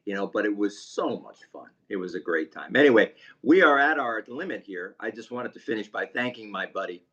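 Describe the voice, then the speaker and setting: Male co-host, low voice, relaxed and laughing, lo-fi audio. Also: brisk. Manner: easygoing, laughs often. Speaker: podcast co-host. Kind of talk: casual sports chat. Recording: dull lo-fi sound.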